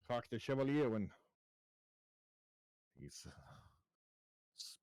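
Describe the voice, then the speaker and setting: A man voicing a gruff rescued male traveler who sprinkles German-style curses into his speech during a tabletop game. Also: mid-range voice, a little mellow, no echo, natural voice, poor audio. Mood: grumbling. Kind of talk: tabletop role-play voice.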